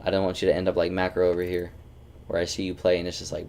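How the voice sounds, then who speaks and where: A man's voice: low-pitched, completely flat delivery, fast, creaky, darkish tone, a little hiss or hum. A man streaming a game, chatting casually and teasing his friends with loose, swearing banter. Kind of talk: casual gaming stream chat.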